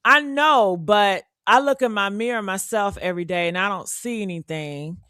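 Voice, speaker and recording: A woman's voice: mid-range voice, moderate pace, sharp tone, dry recording, clean studio sound. Sassy, blunt trans woman host. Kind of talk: casual livestream chat.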